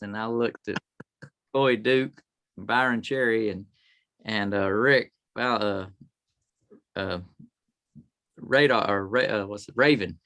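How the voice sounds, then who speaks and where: A man's voice: fairly low pitch, fairly even intonation, takes it slowly, long pauses, a bit bright. Easygoing man telling stories. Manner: rambling anecdotes with quoted voices. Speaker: guest, tribute performer. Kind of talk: casual storytelling interview.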